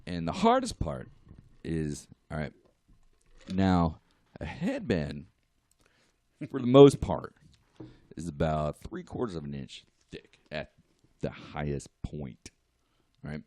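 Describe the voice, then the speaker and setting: This guest artist's voice is very deep and creaky, and he takes his time with long pauses; there's no echo. Chatting casually on a podcast, he tells a story animatedly, laughing and acting out other people's quotes.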